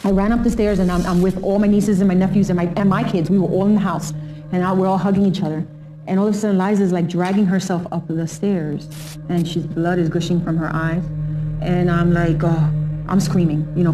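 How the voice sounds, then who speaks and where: A middle-aged woman recalling family events in a documentary interview, animated, acting out quotes and laughing often. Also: fairly low pitch, brisk, music in the background.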